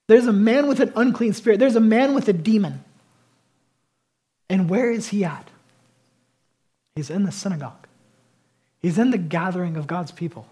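Male pastor, sermon, high voice, husky tone, emphatic then conversational. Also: normal speed, long pauses. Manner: emphatic preaching, rising to loud declarations then dropping to conversational asides.

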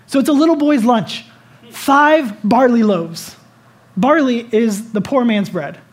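A pastor delivers a sermon in a relaxed, conversational voice. The delivery is animated and full of questions put straight to the congregation. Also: mid-range voice, a little slow.

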